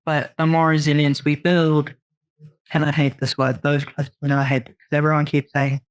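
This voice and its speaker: A blunt, outspoken woman in a podcast conversation, with a low voice. She curses casually and gets straight to the point. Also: steady tone, moderate pace. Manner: blunt and outspoken, swears freely. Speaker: podcast guest, entrepreneur.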